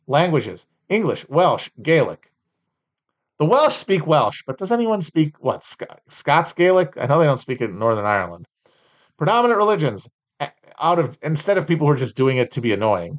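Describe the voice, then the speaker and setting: A man hosting a solo podcast, reading out trading cards and mocking them with sardonic, profane, rambling asides. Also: fairly high pitch. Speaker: podcast host.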